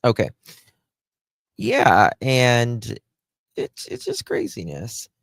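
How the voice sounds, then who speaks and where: A man's voice: mid-range voice, wildly swooping pitch, extremely slow, gravelly, a bit bright, no room sound. A man hosting a casual livestream, chatting with viewers and greeting them by name, often trailing off and restarting his sentences. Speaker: livestream host.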